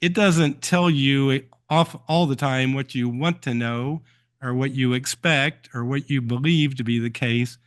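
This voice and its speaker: A man's voice: mid-range voice, measured pace. Man telling stories with many ums. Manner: relaxed storytelling with frequent ums and uhs. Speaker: host answering viewer questions. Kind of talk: live-stream question and answer.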